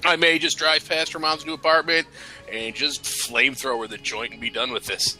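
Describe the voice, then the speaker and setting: A man co-hosts a radio talk show and trades deadpan jokes in casual chat. His voice is very bright and sharp, at a medium pitch. Faint music runs underneath. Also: normal speed. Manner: deadpan, joking.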